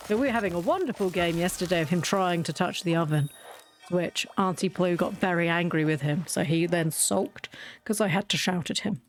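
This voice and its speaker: A woman's voice: fairly low pitch, a little fast. A woman streamer chatting casually during a livestream, rambling through anecdotes.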